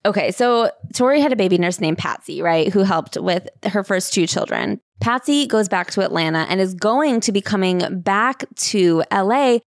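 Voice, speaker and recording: A woman co-hosting a podcast, briskly retelling a book's stories with wry asides. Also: medium pitch, lively intonation, no echo, clean studio sound. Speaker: podcast co-host. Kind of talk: casual comedic book recap.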